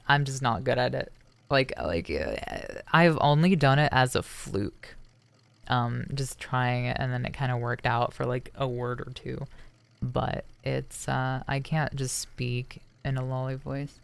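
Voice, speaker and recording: A young adult streamer practicing a feminized voice after male puberty, chatting casually with many hesitant restarts and throat clearings. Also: medium pitch, steady tone, slow. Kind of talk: casual livestream chat.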